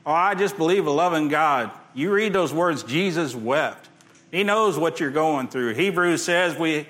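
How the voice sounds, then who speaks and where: Preaching man, swings loud to hushed. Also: fairly high pitch. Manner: preaching with big swings between loud emphasis and hushed quotes; reads scripture aloud in old-fashioned wording. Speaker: pastor. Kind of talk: sermon.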